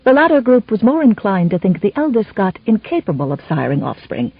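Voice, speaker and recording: Breathy, expressive woman narrator. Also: medium pitch, fairly quick, dry recording. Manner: expressive, even-toned storytelling. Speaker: audiobook narrator. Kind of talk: scripted narration. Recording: slightly muffled dry recording.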